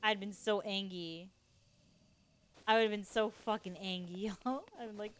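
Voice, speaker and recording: A young woman streaming a video game, chatting casually with viewers, excitable and playful, swearing freely and using slang. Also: medium pitch, a little slow, a little hiss or hum. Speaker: livestreamer. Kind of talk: casual gameplay chat with viewers.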